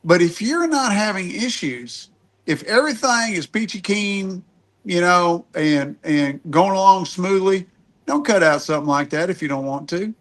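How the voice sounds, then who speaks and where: A man's voice: high-pitched, lively intonation, normal speed. A middle-aged man hosting a casual podcast chat, speaking in a rambling, folksy way and often restarting his sentences. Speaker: podcast host.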